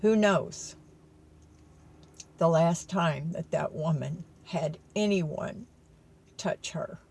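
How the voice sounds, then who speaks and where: Woman, low voice, unhurried, earnest and close to tears, vlog storytelling. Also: creaky, a little mellow, slightly rough. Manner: earnest, tearful, addresses viewers as y'all. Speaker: vlogger. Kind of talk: emotional storytelling to viewers.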